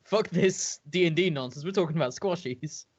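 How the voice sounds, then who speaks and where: A man's voice: on the high side, husky, muffled recording. A man playing a tabletop game, chatting casually and joking off-topic. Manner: joking, quick, sidetracking. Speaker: player. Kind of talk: casual chat.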